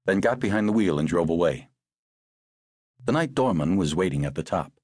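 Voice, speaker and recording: A man narrating a thriller audiobook in a measured, expressive way. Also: low-pitched, slightly rough, no room sound, studio quality. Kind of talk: scripted narration.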